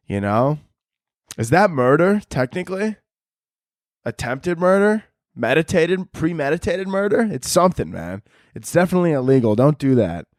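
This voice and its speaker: A man hosting a solo comedy podcast, ranting with lots of swearing and laughter, and jumping between high mock voices and low mutters. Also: no room sound, clean studio sound. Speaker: podcast host.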